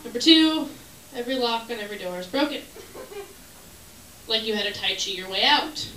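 A woman performing stand-up on a club stage with an animated delivery and a fairly high voice. She works the crowd and acts out her bits. The sound is distant and echoey, with noise underneath. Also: brisk. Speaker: stand-up comedian. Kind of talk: stand-up comedy set. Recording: echoey room from far off, noisy.

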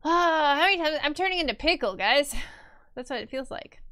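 A woman's voice: high voice, expressive, moderate pace, sharp tone, dry recording, clean studio sound. A woman live streamer chatting casually while she draws. She reads viewer messages aloud, answers them playfully and laughs easily.

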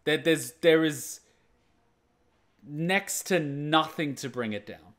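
A man's voice: a little high, slow pace, fairly bright tone. A man hosting a reaction video, talking casually and earnestly about an episode in short repeated phrases.

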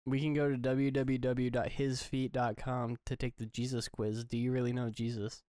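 A man's voice: mid-range voice, little pitch movement, normal speed, warm tone, smooth, no echo. A young man co-hosting a podcast, telling a rambling story with dry jokes in casual chat. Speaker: podcast co-host.

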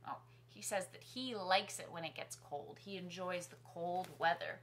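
A woman hosting a children's music class from her living room, singing nursery songs and talking gently to young kids. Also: fairly low pitch, moderate pace. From New York City. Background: guitar accompaniment.

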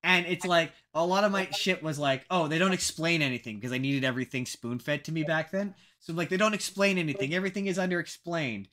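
A young man co-hosting a casual podcast, rambling and animated, poking fun at his own past opinions. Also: on the high side, brisk, hardly any pauses. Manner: animated, rambling, self-mocking. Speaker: podcast co-host.

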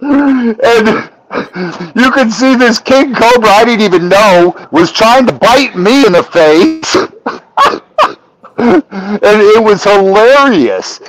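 A middle-aged man telling a story as a podcast guest, animated and profane, rising to shouts when he acts out arguments. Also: high voice, slow, rough recording. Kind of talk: storytelling in casual chat.

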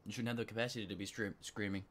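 A man commentating on a game he is playing, excitable and swearing, a bit sick and clearing his throat. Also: on the low side, very fast, background noise. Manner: excitable, swearing, yelping at failures. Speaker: gameplay commentator. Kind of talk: let's play commentary.

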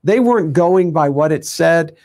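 A man's voice: a little high, lively intonation, moderate pace, a little mellow. A man teaching a conversational sermon, full of fillers and asides, acting out everyday voices as he goes. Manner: conversational, many fillers, acts out quoted voices. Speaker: teacher of a ministry show.

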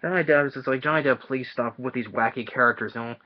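A man giving a casual, rambling film review, halting often and restarting his sentences. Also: mid-range voice. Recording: dull lo-fi audio.

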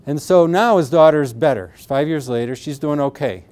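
A man's voice: a little high, moderate pace, a little mellow. Earnest man explaining pain therapy. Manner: earnest, re-enacts patients' words with emotion. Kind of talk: explanatory talk with acted patient quotes.

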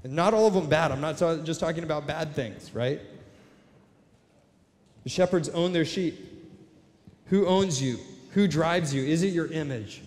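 A male pastor preaching a sermon in a large church, building from quiet questions to shouted, repeated declarations. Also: fairly high pitch, a little slow, pauses often. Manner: rising to shouted, repetitive declarations. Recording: long hall reverb.

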